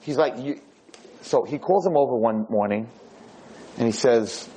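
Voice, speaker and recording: A man giving a lecture on camera, telling a story in a dramatic, repetitive, animated way. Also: medium pitch, a little slow, long pauses, slight background noise, rough recording. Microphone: filmed on camera.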